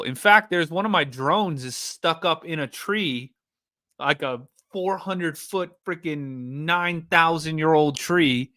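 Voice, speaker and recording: A man's voice: fairly high pitch, pushed and bright, smooth, no room sound, studio quality. A man hosting a live reaction stream, throwing in loose joking asides and talking to his chat.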